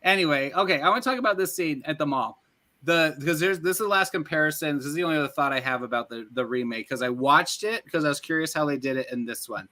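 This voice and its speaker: A man's voice: a little high, animated, fast, sharp tone. A man co-hosting a podcast, eagerly and loosely retelling scenes from a film in casual chat. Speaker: podcast co-host.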